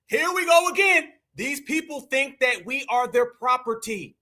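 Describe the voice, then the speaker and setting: A man's voice: extremely high pitch, lively intonation, unhurried, few pauses, pushed and bright. A man hosting live political commentary, mocking and emphatic and full of slang.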